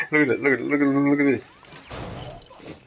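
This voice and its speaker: An Australian man hosting casual gameplay commentary, chatty and excitable, laughing at his own jokes. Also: mid-range voice, takes it slowly, slight background noise, rough recording. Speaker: gaming channel host.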